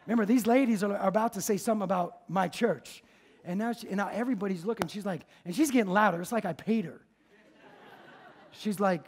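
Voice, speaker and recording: A man preaching as a pastor, telling a story in a lively, conversational, jokey way. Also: sits high, brisk, vocal fry, slightly rough. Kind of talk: sermon with storytelling. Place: church service.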